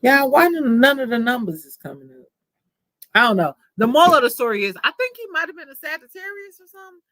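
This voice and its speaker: A young adult woman hosting a casual livestream chat, telling stories in a candid, profane, animated way. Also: sits high, fast, no room sound. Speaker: livestream host.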